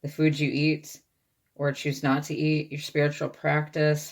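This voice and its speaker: Woman, tarot reader, low voice, calm reading of card messages, asks "okay?" now and then. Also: unhurried. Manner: reads card texts aloud, checks in with "okay?".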